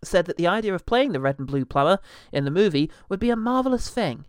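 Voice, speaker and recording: A man's voice: high voice, sing-song, clear, resonant tone, dry recording, studio quality. Sarcastic man co-hosting a comedy podcast. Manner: sarcastic, quick-witted, laughs often. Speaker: podcast co-host. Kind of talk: casual comedic chat.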